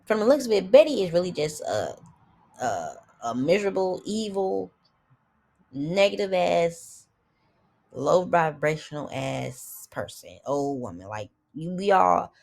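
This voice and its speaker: A woman's voice: fairly low pitch, sing-song, measured pace, gravelly, darkish tone. A young woman recapping a reality show in blunt, profane, opinionated casual commentary.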